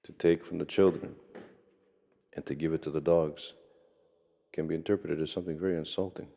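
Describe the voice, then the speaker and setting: A man preaching a sermon as a monastic priest, in a measured, earnest way with slowed emphasis. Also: very deep voice, steady tone, vocal fry, mellow. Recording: long reverb, dull lo-fi sound.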